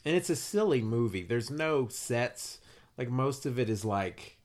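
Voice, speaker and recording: A man in his forties who works as a musician, co-hosting a casual movie review podcast in a relaxed, conversational way. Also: mid-range voice, unhurried.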